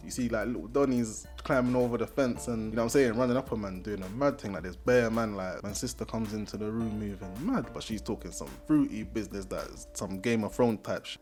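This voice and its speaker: A man's voice: fairly low pitch, brisk, hardly any pauses, faint music behind. Young man recapping a film. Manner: animated, slips into loud voices of characters. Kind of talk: comedic slang-heavy movie recap.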